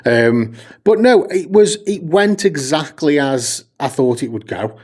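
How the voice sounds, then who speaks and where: A man's voice: a little high, animated, a little slow, a little mellow. A man co-hosting a podcast in casual chat, sweary and rambling, laughing often and filling gaps with ums. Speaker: podcast co-host.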